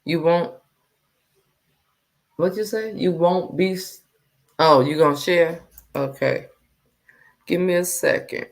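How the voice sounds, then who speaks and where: A woman's voice: on the low side, takes it slowly, creaky, long pauses. A woman hosting a casual live chat, talking in a heartfelt way and often repeating her phrases. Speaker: livestream host.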